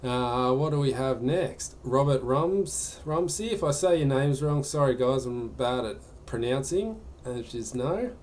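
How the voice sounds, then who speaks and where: A man's voice: medium pitch, measured pace, few pauses, darkish tone, a little hiss or hum. A man chatting casually during a live gaming stream, answering viewer questions in a rambling way.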